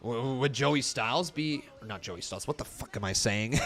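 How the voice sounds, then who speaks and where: A man's voice: mid-range voice, moderate pace, hardly any pauses, fairly bright tone. A man casually reacting to wrestling on a live stream, reading chat messages aloud and rambling with frequent laughs. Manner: joking, laughs often.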